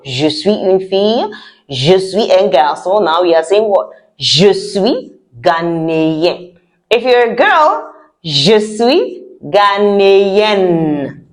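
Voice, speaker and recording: A woman teaching a French lesson to children, drawing out words slowly for the learners to repeat. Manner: slow, drawn-out pronunciation drills with lively pitch.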